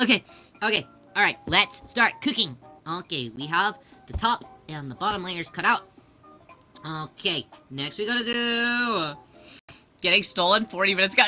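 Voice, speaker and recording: A woman hosting a casual livestream, chatting and answering viewers' questions in a lively way with many restarts. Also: medium pitch, moderate pace, loud music behind the voice. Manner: animated, reads and answers chat, many restarts. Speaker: livestream host.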